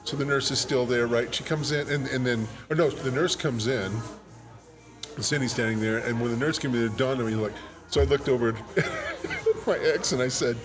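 A man telling a funny story in casual chat, animated and laughing often as he goes. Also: mid-range voice, normal speed, over music.

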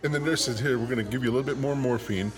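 A man telling a funny story in casual chat, animated and laughing often as he goes. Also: mid-range voice, rapid-fire, a loud crowd.

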